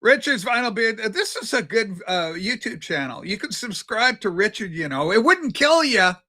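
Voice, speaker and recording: A woman's voice: medium pitch, animated, normal speed, pushed and bright. An older transgender woman hosting a livestream show, rambling chattily with many fillers and restarts. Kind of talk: casual rambling livestream chat.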